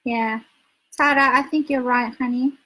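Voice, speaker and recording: A woman's voice: on the high side, fairly even intonation, unhurried, sharp tone, low-quality recording. A woman from Spain with a Spanish accent, chatting casually on a live stream, giving dating advice, laughing often and reading out viewer comments. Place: her home in London.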